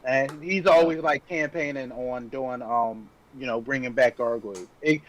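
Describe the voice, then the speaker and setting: A man co-hosting a casual podcast chat, talking excitedly and swearing freely as he gushes about old cartoons. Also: medium pitch, normal speed, dull audio. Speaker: podcast co-host.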